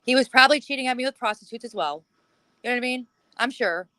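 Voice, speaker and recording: A woman's voice: fairly high pitch, expressive, quick pace, pushed and bright, no echo, rough recording. A woman guest talking bluntly and casually, swearing a lot and acting out past arguments. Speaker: interview guest. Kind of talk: casual chat.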